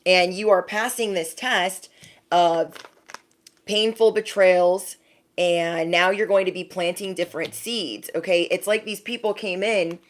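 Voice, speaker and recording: Speaking a little slowly in a lowish voice, a tarot card reader gives a spiritual reading to camera. She's chatty, calls the viewer "bestie", and slips into exaggerated voices when quoting people.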